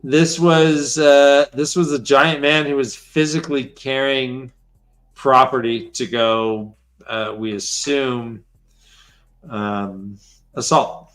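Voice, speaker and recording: A man's voice: mid-range voice, fairly even intonation, slow pace, fairly bright tone, faint music behind. A man hosting a book-club podcast, retelling scenes in a rambling, jokey way. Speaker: podcast host. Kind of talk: casual book-club chat.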